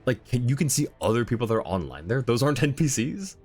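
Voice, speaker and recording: A man's voice: medium pitch, sing-song, fast talker, a little mellow, slightly rough, soft background music. A man streaming a game in casual chat, effusively thanking viewers and laughing often. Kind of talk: casual live-stream chat while gaming.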